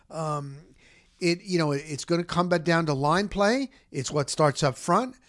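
A man's voice: fairly high pitch, dry recording, clean studio sound. A man hosting a casual sports talk show, rambling and repeating words for emphasis. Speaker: sports podcast host.

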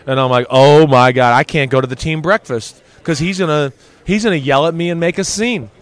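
Animated man telling stories. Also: brisk, no room sound. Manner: animated, acts out quotes with big pitch swings. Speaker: guest, former football player. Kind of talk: casual storytelling interview.

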